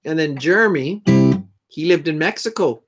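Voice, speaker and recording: A man's voice: on the high side, expressive, normal speed, over loud music. A middle-aged man hosting a live stream, chatting casually and rambling to viewers in a folksy way between songs. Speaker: live stream host and guitar player.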